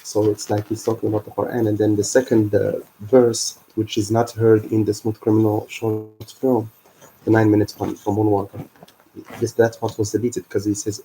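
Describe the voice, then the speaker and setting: A man hosting a livestream, explaining his ideas in an earnest, halting way. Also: lowish voice, level tone, dark tone, a little hiss or hum, rough recording. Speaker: livestream host.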